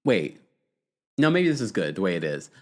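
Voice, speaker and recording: A man hosting a reality TV recap show in casual chat, reading viewer comments aloud and reacting with lively, swooping enthusiasm. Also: moderate pace. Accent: New York. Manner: animated, swings up high when amused. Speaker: podcast host.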